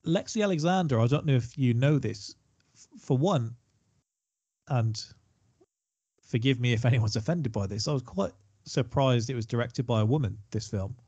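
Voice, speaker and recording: A man's voice: medium pitch, normal speed, warm tone, husky, no echo, muffled recording. A man co-hosting a casual film chat, chatty and digressive, given to self-deprecating asides. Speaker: podcast co-host.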